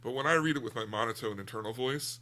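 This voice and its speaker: Talking fast in a sharp, mid-range voice, an American co-host of a book podcast chats casually and frankly. He tends to ramble slightly and restart what he's saying.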